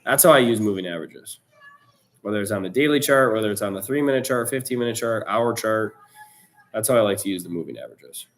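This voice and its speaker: A man with a fairly low voice hosts a live trading stream. He talks loosely and casually in slang, reacting to his viewers as he goes. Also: fast, soft background music. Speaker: livestream trading host. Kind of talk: casual livestream chat to viewers.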